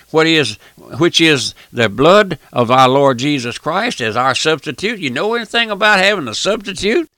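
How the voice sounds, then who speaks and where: A man preaching an impassioned radio sermon, folksy and repetitive, swinging from shouted warnings to hushed asides. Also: high voice, no echo.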